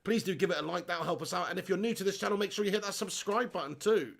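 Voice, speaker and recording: A man's voice: sits high, fast talker, gravelly. A man hosting a live football watch-along, joking, swearing and reading chat aloud. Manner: jokey, swears, laughs often, reads chat aloud. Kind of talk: casual live match commentary and chat.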